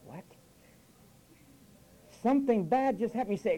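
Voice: medium pitch, very animated, normal speed, warm tone, slight background noise, rough recording. A preacher delivering a sermon with sarcastic asides, mimicking the phrases he criticises. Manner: sarcastic, mocks quoted phrases with acted voices.

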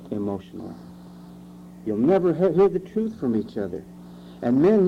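A man preaching a sermon, emphatic, asking rhetorical questions and shifting his pace. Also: medium pitch. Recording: dull lo-fi recording with faint hum.

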